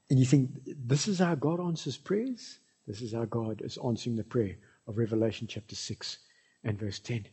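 Preaching briskly in a husky voice, a South African-accented pastor delivers his sermon, veering from loud cries to soft, low asides.

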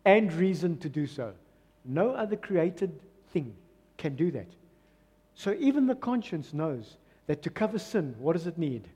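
A man with a South African English accent preaches with a high voice that keeps swinging from hushed lows to loud peaks. He acts out the voices of doubters and crowds as he goes. His voice rings in the long reverb of a church hall. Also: slightly rough. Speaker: pastor. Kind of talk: sermon.

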